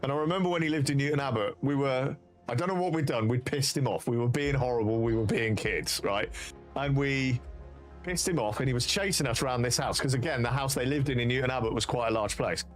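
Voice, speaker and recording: A British man streaming to his viewers, spinning long, rambling anecdotes full of swearing. His voice sits at an ordinary middle pitch, and faint music plays underneath him. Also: a little fast. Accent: British English. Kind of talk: casual storytelling on a live stream.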